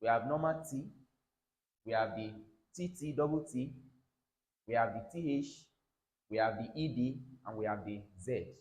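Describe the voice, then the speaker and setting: A man's voice: mid-range voice, moderate pace, pauses often, darkish tone, poor audio. Nigerian man teaching English sounds. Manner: repeats words, checks in with "all right?". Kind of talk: classroom pronunciation lesson.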